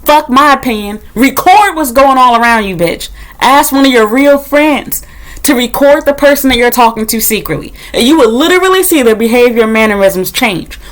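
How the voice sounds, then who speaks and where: A woman's voice: fairly high pitch, animated, moderate pace. A woman from the United States ranting in a casual vlog, blunt and sarcastic, swearing often and mimicking others. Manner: blunt, profane and sarcastic, mocking others in put-on voices. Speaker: vlogger. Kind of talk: casual storytime rant.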